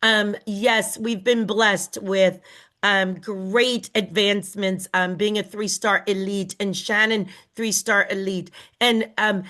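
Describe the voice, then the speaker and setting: A woman's voice: mid-range voice, fairly even intonation, sharp tone. A middle-aged woman team leader giving an emphatic, emotional motivational talk to her group. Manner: emphatic, emotional, slow and deliberate.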